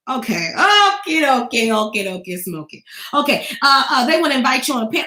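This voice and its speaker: Female business coach, lively and emphatic, bright tone, roomy echo. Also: medium pitch, fast talker. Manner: animated, acts out quoted voices, repeats okay. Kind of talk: motivational talk to camera.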